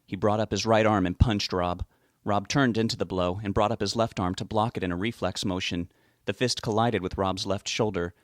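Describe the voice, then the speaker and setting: A man narrates a novel in a steady, measured way. His voice sits fairly low and is recorded dry and close, with no room sound. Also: dry recording. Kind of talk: audiobook narration.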